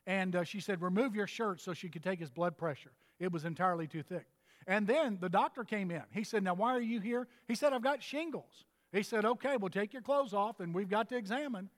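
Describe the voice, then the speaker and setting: A man's voice: high voice, fairly quick. An older man from Texas preaching a sermon, telling folksy, humorous stories as a pastor. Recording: reverberant hall.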